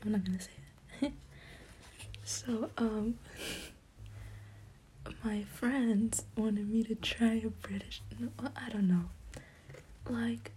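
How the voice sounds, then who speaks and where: Woman, native Spanish speaker, whispered talk, breathy, giggly, nervous, higher voice, soft hiss behind. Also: fairly even intonation, slow pace, long pauses.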